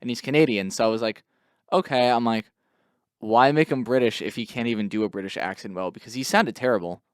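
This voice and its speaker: A man's voice: on the low side, fast, smooth, dry recording, clean studio sound. A man co-hosting a podcast in casual chat, laid-back and blunt, laughing often. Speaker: podcast co-host.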